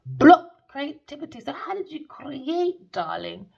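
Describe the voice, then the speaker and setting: A woman's voice: high-pitched, big pitch swings, slow, gravelly, darkish tone, lo-fi sound. A woman doing a tarot reading as a scornful, sarcastic rant, swearing and calling people darling. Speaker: tarot reader.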